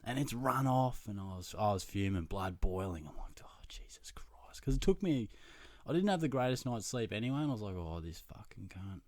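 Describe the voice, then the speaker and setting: A young Australian man, a podcast host, telling a profane, self-mocking anecdote in a casual, animated way. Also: medium pitch, a little fast, no echo, studio quality. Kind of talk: casual storytelling.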